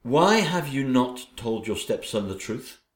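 A man's voice: medium pitch, very animated, a little slow. A man acting in an amateur audio drama with a theatrical, menacing delivery. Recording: echoey room.

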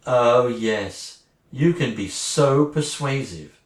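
A woman's voice: very deep voice, lively intonation, takes it slowly, heavily acted. A woman acting a sarcastic, wounded wife who is leaving her husband, speaking one side of a phone call in a dramatic monologue. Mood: cold hurt. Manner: sarcastic, swinging between mocking and furious. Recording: roomy, distant mic.

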